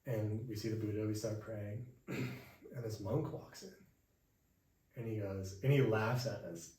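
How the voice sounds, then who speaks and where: A young man hosting a podcast, telling a travel story in a relaxed chat at home and acting out the people he met. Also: on the low side, a little slow. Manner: animated, acts out quoted voices. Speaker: podcast host. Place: indoors at home. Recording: echoey room, mic far off, faint hiss.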